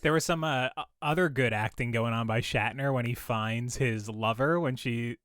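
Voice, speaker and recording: A man's voice: medium pitch, moderate pace, a bit bright, dry recording, studio quality. A man co-hosting a movie podcast in casual chat, amused and retelling scenes with mock quotes. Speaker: podcast co-host.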